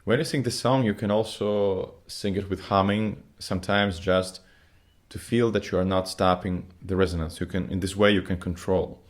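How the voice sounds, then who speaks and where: Male vocal coach, somewhat low voice; patient, step-by-step singing lesson delivery with slightly phrasing. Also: steady tone, normal speed. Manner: non-native phrasing, patient step-by-step explaining.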